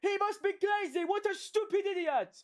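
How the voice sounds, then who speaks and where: A woman voicing an outraged male racing driver shouting over team radio. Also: extremely high pitch, moderate pace, pitched above the performer's own voice. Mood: furious.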